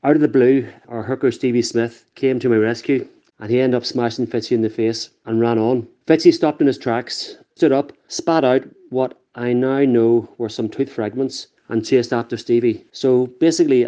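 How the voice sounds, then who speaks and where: A man from Ireland with an Irish accent, telling a story in a soft, measured way in a recorded message. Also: mid-range voice. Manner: measured, softly spoken. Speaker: former rugby player sending a message. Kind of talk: recorded anecdote.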